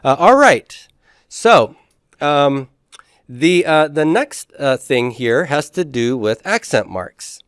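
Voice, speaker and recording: A man teaching a classroom lecture in a relaxed way, with frequent fillers and restarts. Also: a little high, takes it slowly, clean tone, no room sound, clean studio sound.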